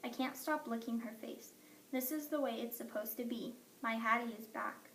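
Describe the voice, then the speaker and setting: A woman reading a children's story aloud with a lively, expressive delivery, in an echoey room away from the mic. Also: fairly high pitch, normal speed, distant mic, slight background noise. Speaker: audiobook narrator. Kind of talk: storybook narration in a dog's voice.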